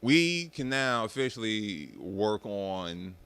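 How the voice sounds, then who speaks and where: Profane, animated man with a bright voice. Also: on the low side, takes it slowly, clean tone. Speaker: streamer talking about arcade rhythm games. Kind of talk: casual rant to viewers.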